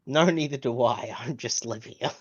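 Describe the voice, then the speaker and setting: A man's voice: mid-range voice, normal speed, breathy edge, dull audio. An Australian man chatting casually, rambling and joking. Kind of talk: casual chat.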